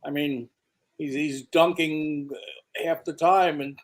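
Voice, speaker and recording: A man on a sports betting show giving casual analysis in a measured, matter-of-fact way. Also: on the high side, fairly even intonation. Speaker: panelist.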